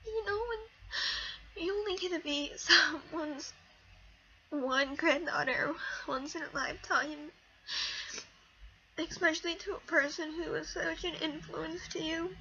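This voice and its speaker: A teenage girl vlogging about something personal, halting and fighting back tears, with many pauses and fillers. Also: high voice, steady tone, bright, forceful tone. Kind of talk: emotional personal talk to camera. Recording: dull lo-fi audio with faint hiss.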